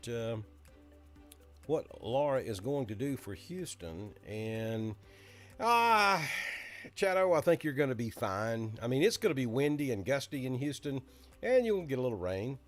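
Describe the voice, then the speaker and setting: A middle-aged man from Alabama with a Southern accent, hosting a casual live weather chat in a folksy, chatty way. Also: medium pitch. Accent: Southern American, Alabama.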